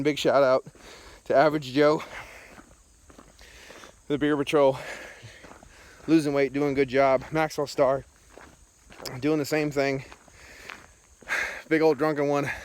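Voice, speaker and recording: A man walks a hilly country road outdoors and talks to the handheld camera he carries, short of breath between phrases. His chat rambles along, casual and joking, in a voice of middling pitch. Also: a little hiss or hum. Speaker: beer vlogger. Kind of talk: casual walking vlog.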